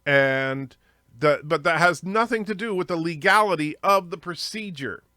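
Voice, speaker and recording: A man's voice: on the high side, pushed and bright, no room sound, clean studio sound. A man hosting a livestream, reading chat and giving chatty, opinionated commentary. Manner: opinionated, chatty, with fillers and restarts. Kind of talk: casual commentary.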